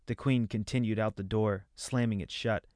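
A man reading a fantasy novel aloud as narrator, in measured storytelling. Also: lowish voice, steady tone, darkish tone, no echo, clean studio sound. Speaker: audiobook narrator.

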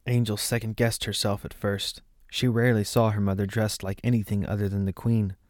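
A man narrating a fantasy story as an audiobook in a measured, steady way. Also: on the low side, no echo, clean studio sound.

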